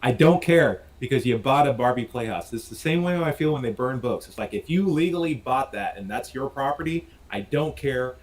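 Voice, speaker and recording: A man's voice: a little fast, hardly any pauses. A man riffing on a news panel in casual talk, acting out bits in voices. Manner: animated, jumps into high mock voices for bits. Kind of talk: opinionated panel chat.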